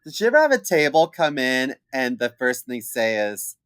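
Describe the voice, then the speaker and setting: Brief: male podcast co-host, mid-pitched voice, close dry sound, joking banter. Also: big pitch swings, normal speed, a bit bright, clean tone, dry recording. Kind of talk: casual podcast chat.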